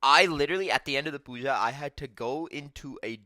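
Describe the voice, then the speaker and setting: A young man telling stories on his vlog in a casual, profane, animated rant. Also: mid-range voice, quick pace, few pauses, no room sound. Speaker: vlogger.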